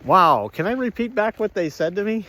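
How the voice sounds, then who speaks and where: A man's voice: high-pitched, lively intonation, moderate pace, pushed and bright. A man talking casually in a walk-and-talk vlog, playful and rambling, often drifting into sing-song and laughter. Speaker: vlogger. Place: outdoors on a walk.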